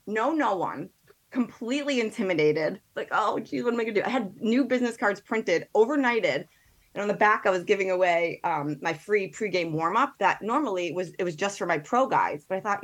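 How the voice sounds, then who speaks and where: A woman, a podcast guest, chatting casually and telling a story with quick asides and quoted thoughts. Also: mid-range voice, animated. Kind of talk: casual chat.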